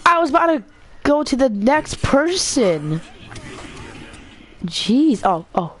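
A gamer talks casually over her video game play, getting excited and frequently squealing and laughing at what's on screen. Her voice is high, and she takes her time.

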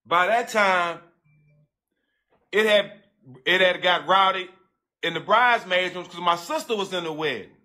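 A man recounts a personal story in a bright, tense voice set a little higher than most. He talks straight to his listeners in casual, profane slang and often circles back to repeat himself as the feeling builds. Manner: animated, profane street slang, addresses listeners directly; emotional, breaks into halting repeats.

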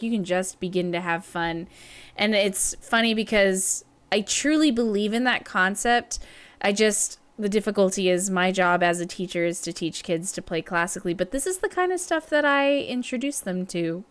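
A woman's voice: mid-range voice, a bit bright, clear, resonant tone. A woman who teaches flute, talking to her viewers in a casual, upbeat reaction-video style. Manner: upbeat, chatty, wraps up with viewer call-outs.

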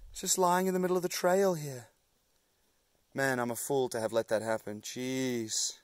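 A young solo hiker films a casual video diary on a mountain trail using a handheld phone or action camera. His mid-range voice is steady and at normal speed, but he's worn out and in pain, sighing often.

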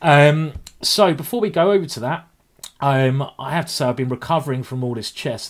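A man, a chess grandmaster hosting his own video, chatting in a rambling, self-deprecating way. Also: medium pitch.

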